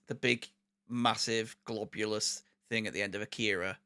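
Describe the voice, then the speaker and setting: A man co-hosting a podcast, talking in a hesitant, halting way in casual chat. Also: fairly low pitch, steady tone, pushed and bright, dry recording. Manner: hesitant, halting, many fillers. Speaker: podcast co-host.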